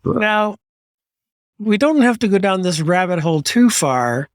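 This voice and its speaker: A man hosting a podcast interview, playful and teasing, with quick asides. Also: high voice, animated, dry recording. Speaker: podcast host. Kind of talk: casual interview chat. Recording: dry, close sound.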